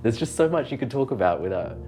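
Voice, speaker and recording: A man's voice: mid-range voice, sing-song, fast, warm tone, soft background music. A young man giving a casual, blunt and joking testimonial. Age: young adult. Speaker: interviewee. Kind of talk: candid testimonial.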